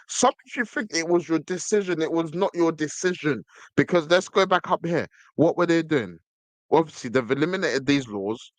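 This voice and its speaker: A man's voice: on the high side, expressive, moderate pace, dry recording. A man hosting a podcast in casual commentary, reading text from a screen and stressing his points with repeated words. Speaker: podcast host.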